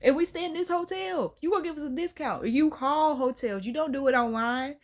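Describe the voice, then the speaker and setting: A woman with a fairly high voice rants through a casual storytime for her vlog. She is animated and emphatic and hammers her points home by repeating them. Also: a little fast. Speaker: storytime vlogger.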